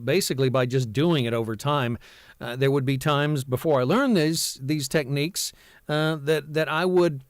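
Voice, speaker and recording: A voice-over artist in his fifties talks casually about his work, wandering through his thoughts with plenty of fillers and restarts. His voice sits at an ordinary middle pitch for a man. The recording is close and dry, as in a home studio. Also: clean tone, no room sound. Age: 50s. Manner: rambling, with many fillers and restarts. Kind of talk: casual vlog talk.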